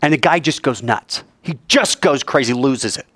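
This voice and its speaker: A male preacher delivering a sermon, animated and full of rhetorical questions to the audience. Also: mid-range voice, moderate pace, no room sound.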